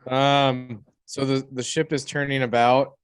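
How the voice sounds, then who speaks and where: A man playing a tabletop game, halting and full of ums as he thinks out loud. His voice is smooth and resonant. It is recorded dry and close. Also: mid-range voice, level tone, no echo. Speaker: player.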